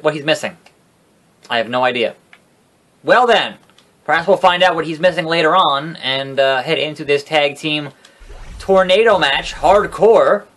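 A man with a slightly high voice gives loose, casual gameplay commentary. He jokes constantly and swears freely. He gets excitable as the action turns. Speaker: let's play gamer.

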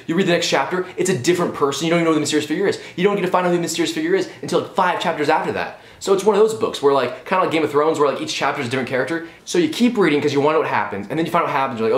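Fast-talking, sarcastic young man ranting. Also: on the high side. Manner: sarcastic, profane, animated. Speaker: movie reviewer. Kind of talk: ranting movie review vlog. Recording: roomy echo.

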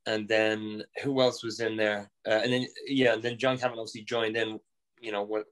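An Irish man in his thirties, a guest on a podcast, telling lively stories with laughter and casual swearing. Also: fairly low pitch, a little fast, low-quality recording. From Ireland. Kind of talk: casual chat, anecdotes.

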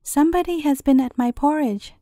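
A woman reading the lines of a great big gruff father bear from a fairy tale, close to her own storytelling voice. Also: high voice, brisk, mellow, dry recording, close to an everyday voice. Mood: indignant.

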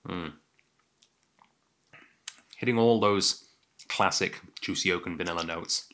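A man's voice: sits low, slow pace, sharp tone. A young man with an English accent hosting a casual whisky tasting, chatty and self-deprecating with many fillers. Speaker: whisky podcast host.

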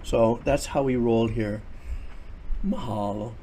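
An older man chatting through a headset as he streams a game, his voice sitting in an ordinary middle register. He talks casually and gets excitable, exclaiming often as he plays. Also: mid-range voice, takes it slowly, breathy edge. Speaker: streamer and composer. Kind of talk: casual livestream commentary.

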